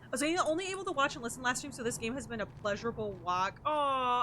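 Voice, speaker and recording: A woman's voice: sits high, fast talker, few pauses, bright, forceful tone, slight background noise. A woman streamer chatting playfully with her viewers while playing a game and answering their messages. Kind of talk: casual chat while playing.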